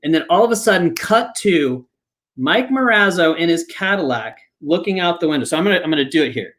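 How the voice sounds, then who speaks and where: A man's voice: on the high side, expressive, a little fast, a bit bright. A man hosts a live podcast and tells a story in a loose, chatty way. He circles back, restarts his sentences and leans on plenty of fillers as he goes. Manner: rambling, full of fillers and restarts. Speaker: podcast host. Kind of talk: casual storytelling. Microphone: podcast microphone, live online.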